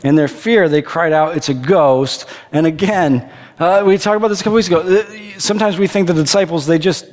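Man, pastor, casual animated sermon, acts out characters, long hall reverb. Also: a little high, fairly quick.

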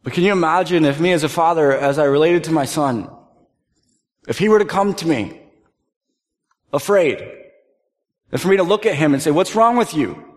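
Male pastor, 30s, slightly high voice, earnest sermon delivery with hushed quiet passages, long hall reverb. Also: normal speed, pauses often. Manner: earnest, dropping to soft near-whispers for tender moments.

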